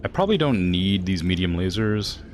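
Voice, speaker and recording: A young man with a very deep voice chats casually while streaming a game. He thinks aloud, trails off into fillers and chuckles, with faint game music underneath. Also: very animated, normal speed, a little mellow. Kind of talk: casual gameplay chat.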